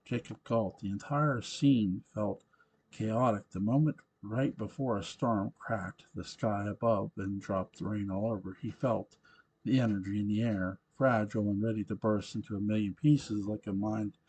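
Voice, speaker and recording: A man narrating a novel aloud in a steady, unhurried reading voice. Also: on the low side, breathy edge, poor audio.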